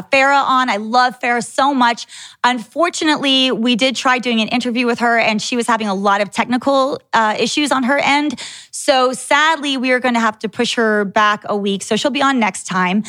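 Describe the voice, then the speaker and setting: A woman in her thirties hosting a podcast, telling a candid, animated story in a casual way. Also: on the high side, dry recording. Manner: animated, candid, swears freely. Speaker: podcast host.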